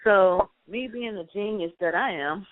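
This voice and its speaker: A woman's voice: medium pitch, a little slow. A woman co-hosting a talk show, telling a story with laughs and acted-out quotes. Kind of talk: casual chat. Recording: dry, phone-like lo-fi audio.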